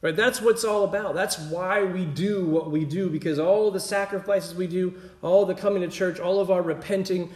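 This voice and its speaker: A man's voice: high voice, steady tone, normal speed, hardly any pauses, darkish tone, reverberant. A man preaching a sermon in a conversational way, often checking in with his listeners. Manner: conversational, keeps asking "right?".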